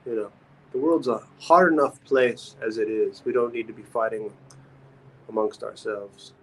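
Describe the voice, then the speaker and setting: A man's voice: fairly low pitch, fairly even intonation, normal speed, slight background noise, poor audio. A man hosting a casual livestream, reading comments aloud and rambling with repeated phrases and stammers. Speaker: livestream host.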